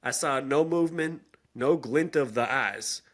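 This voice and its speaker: A man's voice: unhurried, lightly acted. A man reading as a woman spinning a spooky woods tale. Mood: dramatic. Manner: dramatic reading with swings in pitch and pace. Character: grown woman retelling a spooky childhood encounter. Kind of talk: reading a listener's story aloud.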